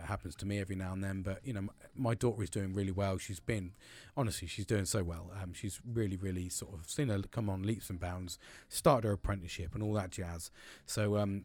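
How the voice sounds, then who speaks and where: In a casual solo podcast monologue, a man with a lowish voice rambles on, cursing frequently and starting sentences over. The recording has no echo.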